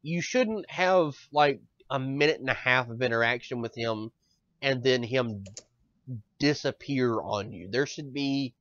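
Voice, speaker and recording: A man hosting a casual podcast, ranting in an animated, profane way and often stumbling over his words. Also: medium pitch, unhurried, no echo. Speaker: podcast host. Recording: dull dry lo-fi audio.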